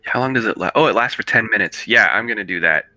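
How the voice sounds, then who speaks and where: A man playing in a tabletop game, speaking hesitantly as he pitches a deal in character. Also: quick pace, sharp tone, dry recording, faint music behind. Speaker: player. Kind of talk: casual tabletop play.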